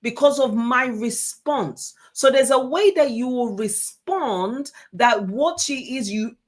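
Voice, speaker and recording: A woman in her forties, co-hosting a chat show with her husband, telling an animated story and acting out what people said. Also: fairly high pitch, slow pace. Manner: animated storyteller, acts out quotes. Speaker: co-host, pastor's wife.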